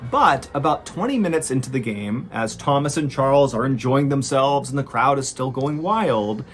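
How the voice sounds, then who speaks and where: A man's voice: moderate pace, faint music behind. Guy narrating a creepy true story, middle voice, dramatic, builds the tension. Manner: suspenseful, builds tension, rises in pitch at exciting moments.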